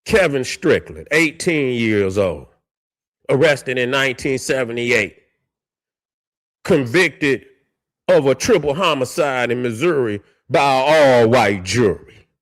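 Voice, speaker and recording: Heated, animated man ranting on camera. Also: mid-range voice, slow pace. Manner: heated, preachy, swears a lot, stumbles over words; reads case histories aloud between rants. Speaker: commentary channel host. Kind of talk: impassioned commentary vlog.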